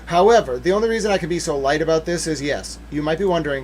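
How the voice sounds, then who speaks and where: Guy streaming, chatty and playful, slightly high voice, faint hiss behind. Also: fast talker, few pauses. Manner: chatty, playful, emphatic when excited. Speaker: livestream host. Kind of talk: casual livestream commentary.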